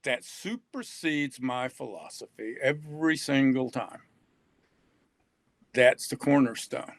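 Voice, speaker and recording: A man's voice: mid-range voice, expressive, slow pace, creaky, no echo. An older man, co-hosting a casual webinar about reading in a folksy, joking way and laughing often. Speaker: reading program author and co-host.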